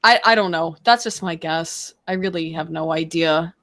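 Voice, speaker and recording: Woman, stream co-host, tired strained voice, lower pitch, rambling profane chat. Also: normal speed, fairly bright tone. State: strained, worn-out voice. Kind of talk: casual livestream chat.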